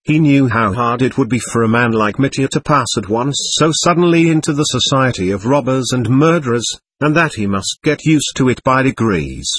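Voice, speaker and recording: A man narrating a classic novel as an audiobook, with measured, expressive reading. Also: mid-range voice, breathy edge, no echo.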